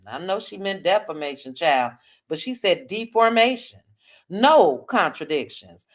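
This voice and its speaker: A woman from the DC hosting a casual livestream, reading viewer comments aloud with quick chatty asides. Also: lowish voice, sing-song. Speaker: livestream host.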